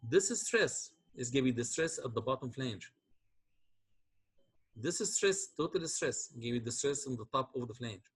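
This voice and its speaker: A man's voice: mid-range voice, expressive, brisk, few pauses, breathy edge. A man teaching a university engineering class, explaining calculations step by step and often checking that students follow. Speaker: engineering lecturer. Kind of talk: university lecture.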